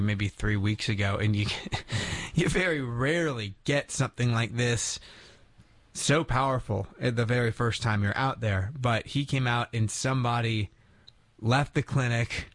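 A man's voice: mid-range voice, no echo. A man co-hosting a morning radio show, chatting playfully and leading prayer. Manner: playful, jokey, teasing. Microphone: studio microphone.

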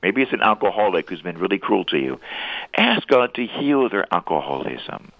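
Priest man talking on the radio over a phone line, lowish voice that jumps all over, earnest and animated. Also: moderate pace, dry recording. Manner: animated, earnest, playful asides. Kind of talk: radio talk, preaching. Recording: tinny phone line, dry.

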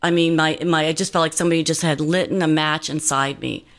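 Earnest woman with a lowish voice. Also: fairly even intonation, a little fast. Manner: earnest, meandering with many fillers and restarts. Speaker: guest. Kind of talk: personal storytelling.

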